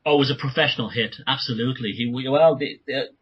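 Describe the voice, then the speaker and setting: A man appears as a guest author in a podcast interview, speaking urgently in rapid bursts with many restarts. His mid-range voice has a breathy edge, and the highs are cut off.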